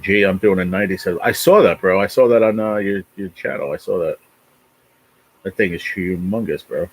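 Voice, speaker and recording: A New Jersey man in his forties hosts a rambling, profane livestream, chatting casually and reading viewer comments. His voice is low-pitched and husky, and the recording is rough.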